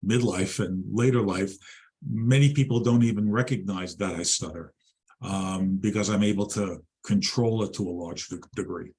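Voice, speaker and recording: Middle-aged New man, lowish husky voice, measured and pausing, interview guest. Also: darkish tone. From Long Island, New York. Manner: measured, with frequent ums and pauses. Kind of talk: interview conversation.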